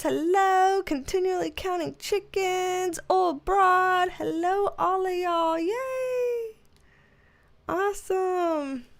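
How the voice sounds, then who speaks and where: A high-voiced woman chats slowly and easily on a livestream, greeting viewers one by one. She sounds worn out and yawns now and then, but laughs often and keeps things friendly. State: tired, yawning. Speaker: tarot reader streamer. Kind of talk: casual livestream chat.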